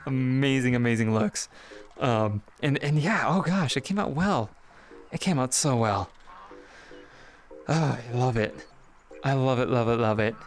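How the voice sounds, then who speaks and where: A man chatting casually on a live stream while he plays a game, playful and excitable, with frequent giggles and sudden leaps up in pitch.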